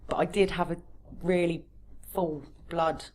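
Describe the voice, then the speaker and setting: A woman's voice: lowish voice, steady tone, measured pace, a little mellow, slight background noise. A woman talking openly and earnestly as a guest in a casual podcast chat. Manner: earnest, open, personal.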